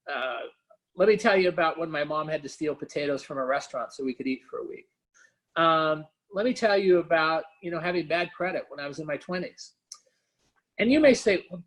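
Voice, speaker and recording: A man's voice: fairly high pitch, poor audio. Earnest man speaking candidly as CEO. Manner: earnest, personal, frequent "you know" and "right?". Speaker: company founder and CEO guest. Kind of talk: candid webinar conversation.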